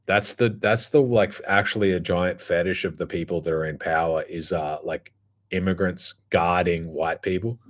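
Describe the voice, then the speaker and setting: A man's voice: deep voice, fairly even intonation, normal speed. A man talking in a casual, rambling monologue, blunt and profane, full of fillers and restarts. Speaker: podcast host.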